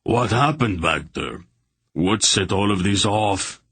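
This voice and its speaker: A man's voice: fairly low pitch, expressive, slow pace, a bit bright, slightly rough, dry recording, heavily acted. A man voicing a big, blunt warrior in an audiobook reading, sometimes out of breath. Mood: winded.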